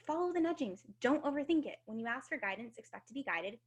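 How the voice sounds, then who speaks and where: A woman's voice: high-pitched, lively intonation, quick pace. A woman, likely in her thirties, giving a casual, upbeat motivational talk on a video team call, swearing now and then. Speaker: guest speaker.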